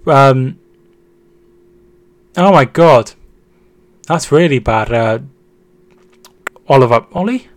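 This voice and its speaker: Slow and mid-range, with long pauses, a young man's voice comes through a dry recording as he hosts a casual football stream. He reads chat messages aloud and thanks viewers while calling out match updates, sometimes trailing off and restarting, and he shouts in excitement at goals.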